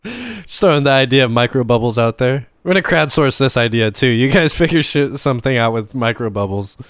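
A man's voice: mid-range voice, lively intonation, brisk, a bit bright, no echo, clean studio sound. A man co-hosting a podcast, rambling through ideas in casual chat and laughing often. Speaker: podcast co-host.

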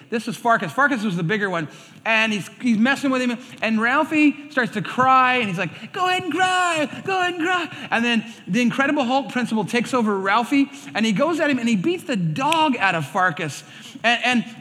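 High, bright-voiced male pastor preaching. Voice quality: animated storyteller, acts out quoted voices. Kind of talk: sermon. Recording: reverberant hall sound.

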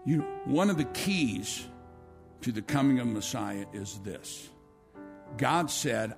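A man's voice: medium pitch, animated, takes it slowly, gravelly, music in the background. A male pastor preaching a sermon to his church, telling a long story with many restarts and asides.

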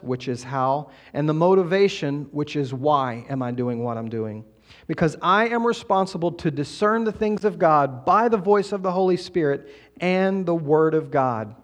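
A middle-aged man preaches a Sunday sermon in a church sanctuary, his voice sitting a little high for a man. He talks to the congregation conversationally and drops in quick asides to keep them with him. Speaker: pastor.

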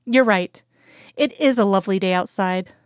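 Woman voicing a tired reluctant lady agent, flat delivery, dry close sound. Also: mid-range voice, normal speed, clear, resonant tone, no echo, lightly acted. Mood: weary. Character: weary, guarded female agent.

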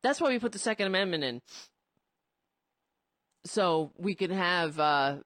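A woman's voice: fairly low pitch, expressive, unhurried, fairly bright tone, no echo. A woman giving casual political commentary, indignant and sarcastic, rambling with frequent restarts. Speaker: commentary host.

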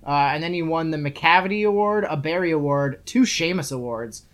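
Reviewing a book on a podcast, this young adult co-host speaks fairly quickly at a medium pitch. It's a loose, sarcastic chat that wanders and is full of profanity.

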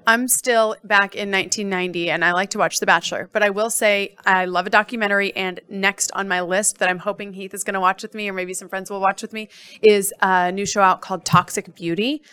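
A woman's voice: medium pitch, fairly even intonation, brisk, bright, forceful tone, clear, resonant tone. A woman co-hosting a podcast, chatting casually in an upbeat way and laughing easily. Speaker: podcast co-host.

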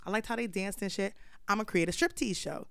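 A woman putting on the voice of a bored, scheming dancer in a breezy, exaggerated way, pitched up from her own voice. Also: a little fast, a bit bright, clear, resonant tone, dry recording, close to an everyday voice.

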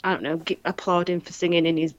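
A woman with a Manchester accent, co-hosting a casual chat and telling animated stories, acting out what people said. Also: lowish voice, fast, no echo, muffled recording. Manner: animated storytelling, acts out quoted voices, laughs often. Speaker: podcast co-host.

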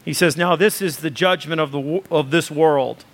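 A pastor delivers a sermon in a voice pitched high for a man. His talk is loose and conversational, full of ums, and it builds into emphatic repeated phrases. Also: normal speed. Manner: conversational preaching with fillers, rising to emphatic lists.

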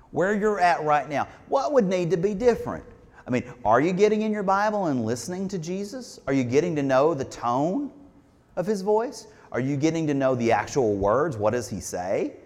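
A man's voice: a little high, a little mellow, long reverb tail. A man preaching a sermon in a church, talking conversationally and asking the congregation questions. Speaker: pastor. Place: church sanctuary.

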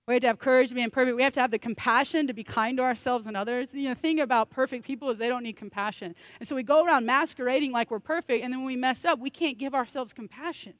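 A woman's voice: high voice, very fast, hardly any pauses, no room sound. A woman pastor preaching a sermon in a conversational, joking way, with self-deprecating asides.

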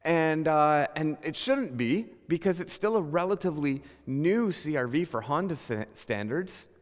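A man delivers a sermon in a conversational, animated way. His voice sits a little high and rises sharply on emphatic lines. The sound carries the long reverb of a large hall. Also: unhurried. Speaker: pastor.

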